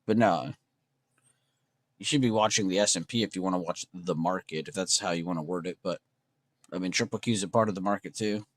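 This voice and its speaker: Laid-back low-voiced male streamer. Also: a little fast, no echo. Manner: relaxed, slangy, talks to chat with "bro" and "dude". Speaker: trading livestream host. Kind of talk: casual livestream chat.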